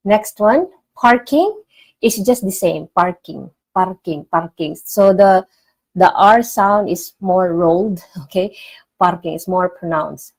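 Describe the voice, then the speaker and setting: A woman teaching vocabulary in a casual online lesson, repeating each word clearly for learners. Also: medium pitch, a little mellow, poor audio. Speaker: language teacher.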